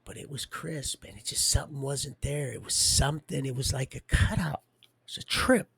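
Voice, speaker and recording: A man with a gravelly, creaky voice delivers a rambling, preachy livestream monologue and speaks straight to his viewers. His pitch sits in a middle range, and the sound is close and dry with no room around it. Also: normal speed, fairly bright tone, no echo. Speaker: livestream host.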